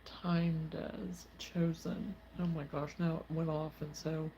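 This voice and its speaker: A woman's voice: sits low, little pitch movement, slow pace, mellow, highs cut off, a little hiss or hum. A woman hosting a casual crochet livestream, chatting and breaking into frequent giggles and laughter. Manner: laughs often, giggly exclamations.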